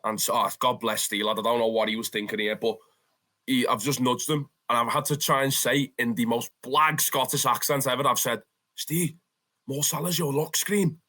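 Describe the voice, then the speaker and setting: Bright-voiced Scouse lad telling a story. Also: male voice, mid-range voice, a little fast. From Liverpool, England. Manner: animated, swears freely, calls the listener "lad". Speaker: interview guest, football fan. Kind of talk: casual storytelling interview.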